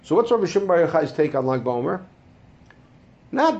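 A man teaching a Torah class, asking the room rhetorical questions and answering them himself, dropping into low asides and rising to emphatic high points. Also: big pitch swings, fairly quick, long pauses, darkish tone. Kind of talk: classroom lecture.

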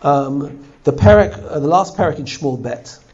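Male teacher leading a text study class, lively and questioning, slightly high pitch, muffled lo-fi recording. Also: normal speed. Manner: animated, often asks the class questions. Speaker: Torah teacher.

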